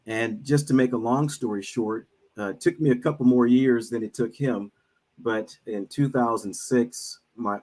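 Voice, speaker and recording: A man's voice: on the low side, low-quality recording. Earnest middle-aged man telling his story. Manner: earnest, measured, many "uh" pauses. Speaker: guest speaker, minister and financial advisor. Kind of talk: personal storytelling talk.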